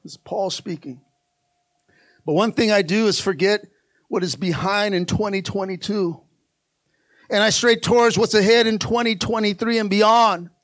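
A male pastor delivering a passionate sermon, swinging from soft asides to loud, fervent climaxes. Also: high-pitched, moderate pace, no echo, clean studio sound.

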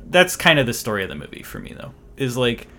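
Male co-host, mid-pitched, loose and rambling delivery, faint background hiss. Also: wildly swooping pitch, quick pace, bright, forceful tone. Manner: rambling, full of "like" and restarts. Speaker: podcast co-host. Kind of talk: casual movie discussion.

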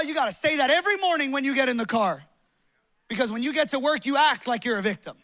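A young adult male pastor preaching a loud, passionate, animated sermon to a congregation in a church hall. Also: extremely high pitch, fast.

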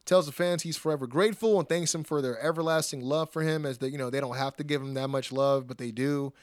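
A man hosting a podcast, recapping wrestling in casual, animated chat, laughing often and acting out quotes. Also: medium pitch, fast, no room sound, clean studio sound.

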